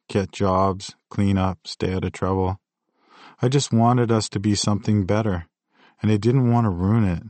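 A man reads his memoir aloud in a scripted audiobook style. His telling is candid and reflective, in a fairly low voice. The sound is dry and close, with no room echo. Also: a little mellow. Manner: candid, reflective first-person storytelling. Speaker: memoir narrator.

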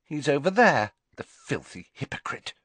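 A man's voice: on the high side, big pitch swings, normal speed, fairly bright tone, breathy edge, no room sound, voice pushed up, heavily acted. A man voicing a teenage witch who speaks dryly and smirkingly, in a storybook reading. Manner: dry, smirking, dispassionate. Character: young witch, teenage girl, dry and teasing.

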